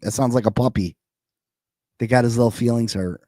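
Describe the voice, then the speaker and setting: A man rants on a sports podcast and repeats his points in disbelief. His voice is dark and mellow. The sound is dry, with no room echo, and he keeps up a heated, incredulous edge. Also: mid-range voice, fairly quick. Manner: animated, incredulous, repeats lines for emphasis.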